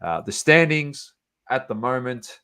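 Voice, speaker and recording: A man's voice: mid-range voice, expressive, a little slow, sharp tone, clean tone. A man co-hosting a sports podcast, running through scores casually with plenty of fillers and banter. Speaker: podcast co-host.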